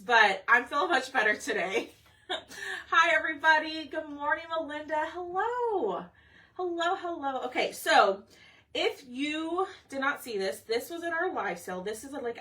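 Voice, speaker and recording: A woman's voice: fairly high pitch, pushed and bright. A woman hosting a casual craft livestream, chatty and upbeat, greeting viewers by name from her home workspace. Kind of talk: casual live-stream chat. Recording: voice a bit distant from the mic.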